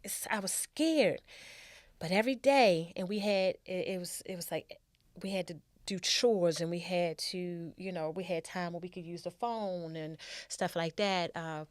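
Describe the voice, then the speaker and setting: A woman's voice: on the low side, fairly even intonation, moderate pace, dry recording. A middle-aged woman, a show's guest, candidly telling her own life story in a heartfelt way.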